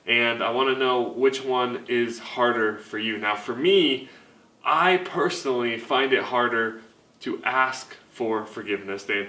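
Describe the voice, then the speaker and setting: A man's voice: mid-range voice, bright, forceful tone, reverberant. A young man giving a youth sermon to camera, talking conversationally and putting questions to his listeners. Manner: conversational, asks the audience questions. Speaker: youth pastor.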